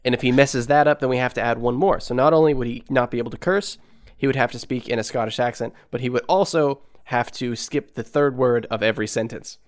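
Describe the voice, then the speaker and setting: A man's voice: medium pitch, fairly even intonation, fast talker. A young man co-hosting a podcast, chatting casually and joking as he explains things at length. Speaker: podcast co-host. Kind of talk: casual chat.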